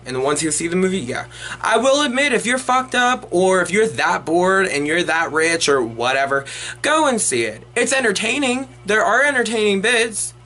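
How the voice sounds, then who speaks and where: A young man rants through a movie review in a high, bright, sharp-edged voice. He is exasperated and profane, rambling along with restarts and swearing as he goes. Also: animated, moderate pace. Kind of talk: unedited ranting review.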